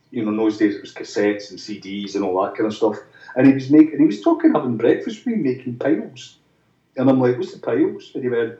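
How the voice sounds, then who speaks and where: A man's voice: mid-range voice, warm tone. A musician guest in a chatty interview, telling long anecdotes with many restarts and acting out the voices of people he quotes. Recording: roomy, distant, dull sound.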